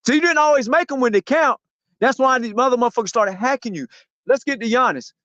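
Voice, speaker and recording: Male podcast host, high voice, loud and profane mocking rant, dry lo-fi mic. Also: fast, no echo. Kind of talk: heated podcast sports talk.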